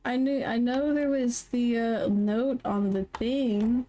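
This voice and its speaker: Speaking slowly in a fairly high, mellow voice with fairly even intonation, a woman chats casually on her stream. She swears frequently, sounds flustered and confused, and sings along with the background music between remarks.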